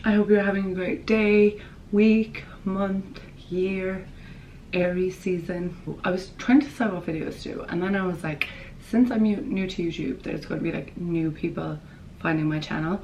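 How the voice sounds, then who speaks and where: A young woman in her twenties with a Kerry Irish accent, chatting bubbly and quick to camera as a vlogger. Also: fairly low pitch, fairly even intonation, darkish tone, slight background noise, low-quality recording. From Ireland. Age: 20s. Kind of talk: casual chat to camera.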